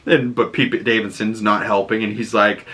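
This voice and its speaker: A man's voice: fairly low pitch, level tone, normal speed, fairly bright tone. A man giving casual, chatty reaction commentary on a movie trailer, laughing often.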